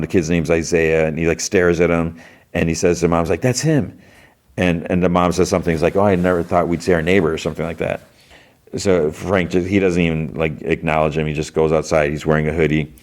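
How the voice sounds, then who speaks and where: A man hosting a podcast, casually retelling an episode with lots of fillers and quick quoted lines. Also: sits low, a little mellow. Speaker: podcast host.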